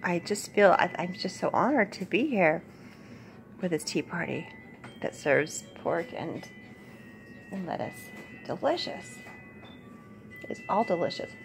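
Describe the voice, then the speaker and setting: Gravelly-voiced mother gushing over pretend tea. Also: fairly low pitch, unhurried, long pauses, soft background music. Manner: gushing, playfully formal and polite. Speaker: mother playing with her child. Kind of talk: pretend tea party play.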